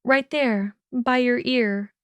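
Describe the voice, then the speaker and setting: A woman voicing a sharp-tongued, indignant young witch in a fan audiobook reading, snapping exasperated retorts. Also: fairly high pitch, fairly even intonation, slow, clean tone, no echo, voice pushed up. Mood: bossy concern.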